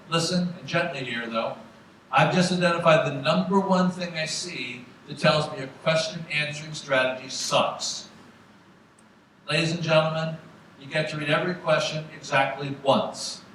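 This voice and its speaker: A man's voice: fairly high pitch, bright, forceful tone, distant mic, a little hiss or hum. Emphatic male lecturer in an echoey hall. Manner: emphatic, direct, rallying the audience. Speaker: exam prep lecturer. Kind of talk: live seminar lecture to students.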